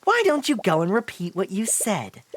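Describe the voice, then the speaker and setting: A guy putting on a loud taunting teen thug, game role, raised pitch. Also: very animated, normal speed, a little hiss or hum. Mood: hostile. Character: aggressive teenage male street thug.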